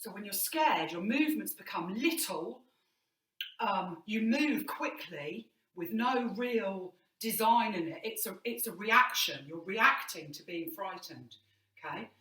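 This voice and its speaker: A woman's voice: medium pitch, animated, measured pace, fairly bright tone. A woman drama teacher giving an online movement lesson indoors, encouraging and demonstrating as she explains. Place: indoor room. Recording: roomy, mic at a distance.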